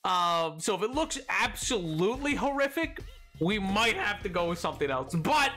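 A man's voice: sits high, big pitch swings, normal speed, pushed and bright, faint music behind. A young man streaming a game, chatting casually, answering questions aloud and rambling playfully with lots of self-corrections. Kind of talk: casual livestream chat while gaming.

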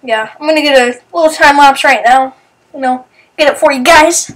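A young woman talks over her own footage in a loose, rambling voice-over. Her voice sits a little on the high side. She chats casually and acts out what her friends say. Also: normal speed, a bit bright, distant mic. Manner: rambling and chatty, narrating what friends do and acting out their lines. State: sleepy, just woke up. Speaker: vlogger. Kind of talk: casual voice-over commentary on video clips.

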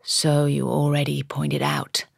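A woman voicing a tall, weary gentleman with a drawling upper-class English accent, talking in a bored, soft, half-whispered way. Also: rumbling low, little pitch movement, creaky, breathy edge, no room sound, clean studio sound, pitched below the performer's own voice, heavily acted. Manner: bored, unhurried. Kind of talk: audiobook character voice.

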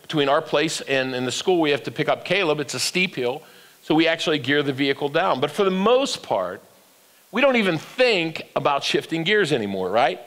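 A man's voice: on the high side, expressive, fairly quick, a bit bright, long reverb tail. An older man preaching a sermon as pastor, with call-and-response that climbs to emphatic peaks. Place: church sanctuary.

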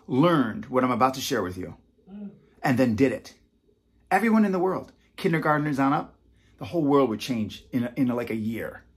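A man in his fifties hosting a casual talk to camera, animated and teasing, dropping from loud bursts to a hush. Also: fairly high pitch, husky. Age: 50s. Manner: animated, swinging between loud and hushed, teasing. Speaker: self-help author and host.

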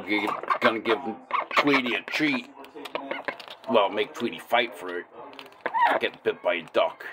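A man's voice: fairly low pitch, a little slow, long pauses. A man casually rambling in a vlog outdoors in his yard, playfully talking to his ducks. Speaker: backyard farm vlogger. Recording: loud outdoor noise with fowl. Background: loud ducks quacking.

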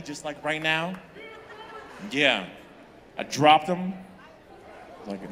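A young male comedian works a club crowd with crude, animated bits, often laughing at his own jokes. His voice sits high and swings widely. A long reverb hangs on every line, with faint room noise behind him. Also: moderate pace. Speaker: stand-up comedian. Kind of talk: stand-up set.

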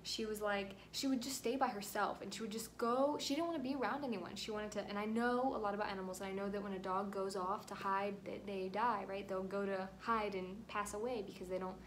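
A woman's voice: mid-range voice, fairly even intonation, brisk, few pauses, slight background noise. A young woman telling a rambling, emotional storytime vlog at home, at times close to tears. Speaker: vlogger.

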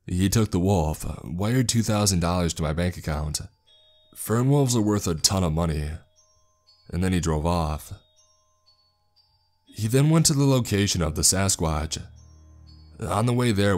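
Deep-voiced male horror story narrator. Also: darkish tone.

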